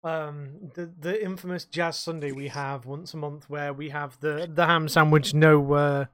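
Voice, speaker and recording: A man's voice: a little high, steady tone, unhurried, fairly bright tone, no echo. A man co-hosting a casual podcast, telling rambling, sweary stories from his bar work. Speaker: podcast co-host; bar worker.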